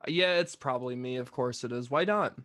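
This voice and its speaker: A man's voice: mid-range voice, a little fast, fairly bright tone, no echo, clean studio sound. A man co-commentating a fighting-game stream in casual, joking banter.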